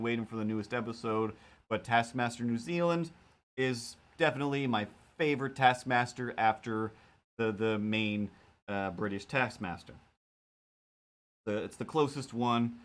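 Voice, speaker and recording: A man chatting off the cuff on a live stream, drifting from one tangent to the next. He fills the gaps with ums and likes and keeps slipping into quick playful quotes of himself. His voice sits at an ordinary pitch for a man. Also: a bit bright. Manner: rambling, filler-heavy, jumps into playful self-quotes. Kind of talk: casual live-stream chat.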